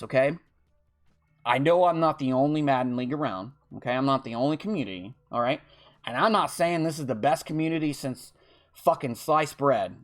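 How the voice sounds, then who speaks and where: A man's voice: mid-range voice, fairly bright tone. A man in a casual unscripted monologue, running an online game league, who lectures bluntly, swears freely and keeps tacking on "okay?" to drive his points home. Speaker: online football video game league commissioner.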